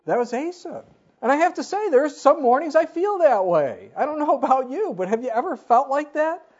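A preacher in their fifties giving an animated, conversational sermon full of rhetorical questions. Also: sits high, normal speed. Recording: dull lo-fi recording.

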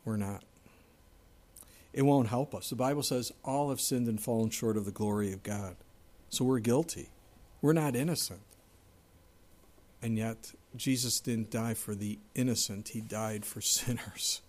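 A male pastor delivers a sermon with a voice of ordinary, middling pitch. He is emphatic and fires rhetorical questions at his listeners. He swings from raised, insistent lines to quiet, hushed remarks. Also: lively intonation, measured pace, long pauses.

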